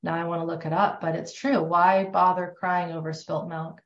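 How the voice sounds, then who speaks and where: A woman teaches a somatic therapy class conversationally, correcting herself as she goes and acting out the remarks she quotes. Her voice is fairly low, level in tone and at normal speed. The room is echoey and the sound dull and lo-fi.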